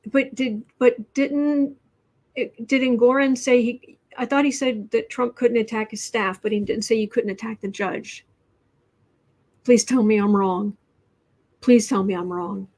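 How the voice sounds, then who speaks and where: A woman hosting a casual tarot livestream, chatting in quick asides and reading out viewer comments. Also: on the high side, fairly even intonation, darkish tone. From Midwestern United States.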